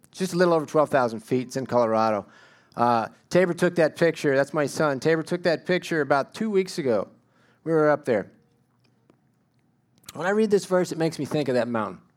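A middle-aged man preaching a sermon in a conversational, self-deprecating way, building to emphatic bursts. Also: medium pitch.

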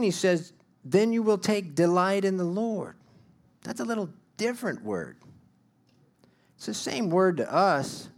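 A man's voice: high voice, creaky, breathy edge. A middle-aged man preaching a sermon in a conversational, self-deprecating way, building to emphatic bursts.

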